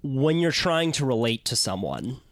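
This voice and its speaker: Podcast host, man, mid-pitched, chatty, thinking aloud, dry booth sound. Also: sing-song, normal speed, no echo. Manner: conversational, uses many fillers while explaining. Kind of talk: casual chat. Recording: dry close-mic sound.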